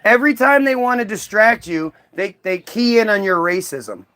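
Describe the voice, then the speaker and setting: High-voiced man ranting at commenters. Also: lively intonation, moderate pace, fairly bright tone. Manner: mocking, confrontational, profane. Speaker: livestream host.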